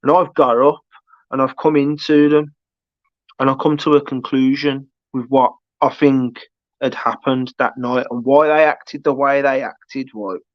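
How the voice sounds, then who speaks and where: A man's voice: mid-range voice, fairly even intonation, a little slow, no room sound. A man telling a long anecdote on a livestream, rambling, full of restarts and asides. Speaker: livestream host. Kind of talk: casual storytelling chat. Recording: dull lo-fi dry stream audio.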